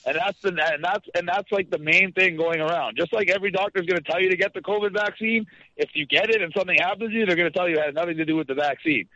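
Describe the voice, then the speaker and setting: A man's voice: sits high, fast, sharp tone, dry recording. A man from Canada ranting with passion as a guest on a talk radio interview, heard through dull lo-fi radio sound. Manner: impassioned, ranting.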